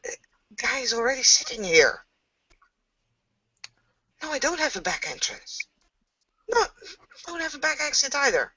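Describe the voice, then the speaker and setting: A man's voice: very high voice, sing-song, pushed and bright, husky, no echo, pitched above the performer's own voice, heavily acted. Brief: woman voicing a nervous, pleading young man in a tabletop game; a dull, distant mic. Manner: coaxing, fast and fretful.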